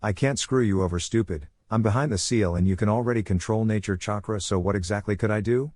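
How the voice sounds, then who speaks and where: Fan-story fox demon, male, caged and snarky, sneering, lowish dry voice, a man reading. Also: fast talker, darkish tone, dry recording, natural voice. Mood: snide.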